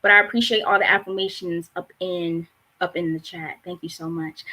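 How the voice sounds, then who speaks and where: Bright-voiced Baltimore woman poet. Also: lowish voice, normal speed. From Baltimore, USA. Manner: rhythmic, emphatic poetry delivery. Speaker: spoken word poet. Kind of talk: spoken word performance and casual chat. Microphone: streaming on a live online show.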